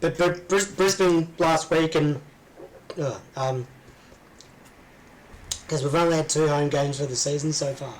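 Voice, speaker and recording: A man's voice: a little high, fairly even intonation, a little slow, pauses often, a little hiss or hum, poor audio. An Australian man co-hosting a podcast, hesitant with stammering restarts, hiccuping as he talks. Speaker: podcast co-host. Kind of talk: casual chat.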